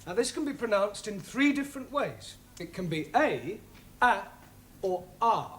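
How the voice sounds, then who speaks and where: An actor with a British accent playing a patient young English teacher in a sitcom, explaining slowly with dry wit. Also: male voice, sits high, expressive, fairly bright tone, a little hiss or hum. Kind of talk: 1970s sitcom acting.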